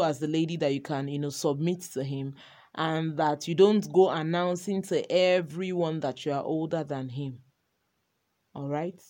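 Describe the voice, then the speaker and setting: Chatty woman relationship coach. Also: on the low side. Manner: chatty, keeps checking in with listener. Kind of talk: informal recorded course talk.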